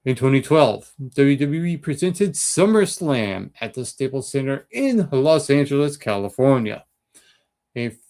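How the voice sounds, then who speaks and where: Lively male host reading dates. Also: medium pitch. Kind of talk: reading an on-this-day segment.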